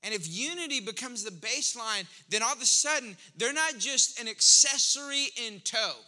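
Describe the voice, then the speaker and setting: Male pastor, very high voice, bright tone, animated conversational sermon delivery. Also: moderate pace. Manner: conversational, animated preaching with rising emphasis.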